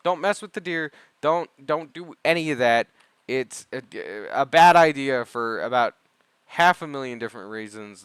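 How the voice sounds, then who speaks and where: A man's voice: medium pitch, fairly bright tone, smooth, dry recording. A young man giving casual gameplay commentary, rambling and digressive with self-mocking asides. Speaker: gaming video creator.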